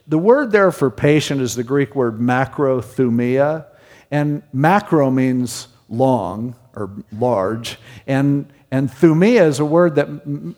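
A pastor with a fairly high, slightly mellow voice delivers an expository sermon, teaching from the Bible conversationally and often posing rhetorical questions. The recording carries a long hall reverb.

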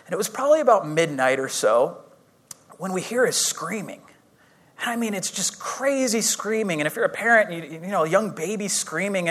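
A man's voice: sits high, a bit bright. A young man preaching as a youth pastor, telling a personal story in a casual, chatty, self-deprecating way with frequent restarts. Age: young adult. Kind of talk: sermon storytelling.

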